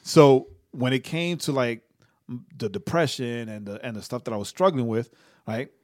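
A man's voice: mid-range voice, moderate pace, darkish tone. A young man co-hosting a casual faith podcast, rambling, stammering into restarts and tagging his sentences with "right?". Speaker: podcast co-host.

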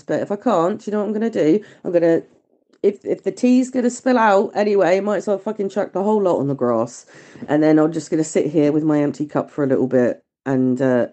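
Sweary woman with a low, dark voice. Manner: sweary, rambling, emotional. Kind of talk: heartfelt voice-note monologue. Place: outdoors in a garden.

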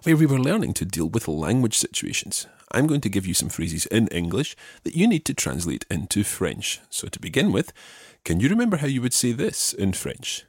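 Guy teaching french on a podcast, lowish husky voice, super dry sound, slow clear repeats. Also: huge pitch swings, a little mellow, no room sound. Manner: patient, clear, repeats phrases slowly. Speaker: language teacher host. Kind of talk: podcast language lesson.

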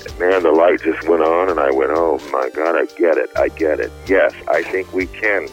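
An older man, a former music executive, telling an anecdote in a relaxed way with a husky voice. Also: very deep voice, normal speed. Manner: relaxed storyteller with fillers. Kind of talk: recalled anecdote. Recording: slightly muffled interview recording.

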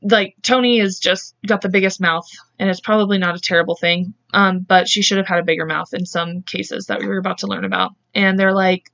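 A woman's voice: medium pitch, steady tone, fairly quick, vocal fry, hardly any pauses, fairly bright tone, muffled recording. A young woman co-hosting a podcast, casually retelling a crime case in a chatty way and acting out the quotes. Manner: chatty, acts out quotes, laughs often. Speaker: podcast co-host. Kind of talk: casual true-crime storytelling.

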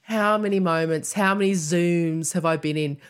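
A woman's voice: on the low side, moderate pace, clean tone. An Australian woman hosting a podcast, telling stories animatedly with laughter and some swearing. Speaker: podcast host. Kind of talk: casual chat.

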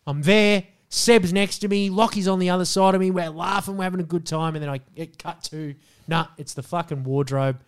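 A man's voice: high-pitched, a little fast, clean tone. A man co-hosting a podcast, telling crude stories in casual chat and acting out scenes. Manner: animated storytelling, acts out scenes. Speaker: podcast co-host.

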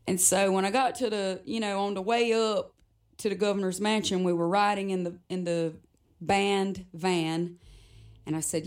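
A woman's voice: medium pitch, fairly even intonation, normal speed. A woman guest, a musician, telling a personal story in conversation, reflective and often laughing between sentences.

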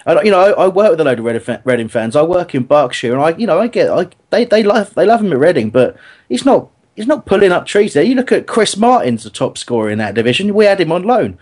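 Argumentative bloke on a podcast. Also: male voice, fairly high pitch, fast. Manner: animated, argumentative, lots of restarts. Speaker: football podcast host. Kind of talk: casual chat.

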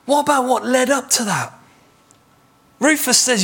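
A man preaching a sermon as pastor, retelling a story with lively acted-out dialogue. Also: very high voice, a little slow, breathy edge. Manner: animated storytelling, acts out imagined dialogue.

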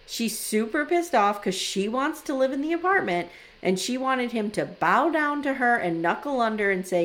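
Animated woman in her forties retelling. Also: fairly high pitch, normal speed. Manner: animated storyteller, acts out quotes. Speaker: podcast co-host. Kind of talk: casual recap chat.

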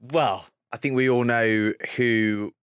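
A man's voice: mid-range voice, steady tone, slow, clear, resonant tone, dry recording, studio quality. A man hosting a rugby podcast, telling stories with lots of banter. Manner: banter-heavy storytelling, mimics others. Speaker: podcast host. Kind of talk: casual chat.

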